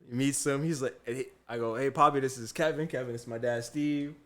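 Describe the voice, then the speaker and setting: A man's voice: mid-range voice, fast. A young adult man, a chef and podcast co-host, telling a story in casual chat, acting out the people he quotes and often breaking into laughter. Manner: animated storyteller, acts out quotes, laughs a lot.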